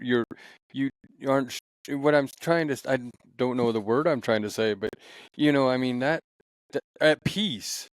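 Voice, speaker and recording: A man's voice: mid-range voice, clean tone, no echo. A man hosting a podcast in casual chat, laughing easily and sometimes searching for words. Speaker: podcast host.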